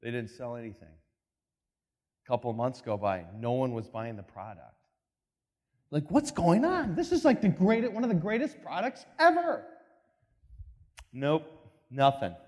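A man's voice: on the high side, very animated, measured pace, pauses often, a little mellow. A man giving a motivational talk with slides, telling a story animatedly and acting out voices. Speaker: speaker. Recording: long reverb in a hall.

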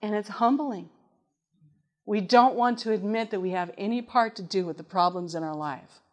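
A woman's voice: mid-range voice, moderate pace. A middle-aged woman preaching a sermon in an earnest way, reading scripture aloud and asking her listeners questions.

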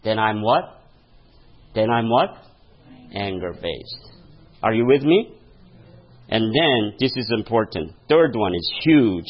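A man's voice: mid-range voice, slightly rough, muffled recording. A male pastor preaching a sermon, telling a story and laughing at his own stories, calling out to the congregation for a response. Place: church.

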